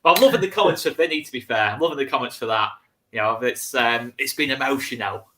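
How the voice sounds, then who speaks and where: A man's voice: medium pitch, fast talker, sharp tone, slight background noise. A man hosting a casual football podcast chat, chatty, often saying "to be fair". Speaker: host.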